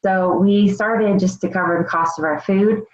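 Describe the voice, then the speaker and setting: A woman's voice: mid-range voice, steady tone, normal speed. A woman in her thirties tells her own story as a health coach, earnest and rambling, full of "um" and "you know". The recording is slightly muffled and dull. It rings with echo from the room. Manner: earnest, rambling, many fillers. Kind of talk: personal testimonial.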